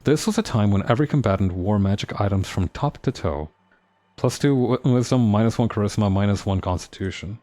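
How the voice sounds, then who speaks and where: A man's voice: on the low side, brisk, mellow. A man streaming a game live, reading its text aloud with playful comments.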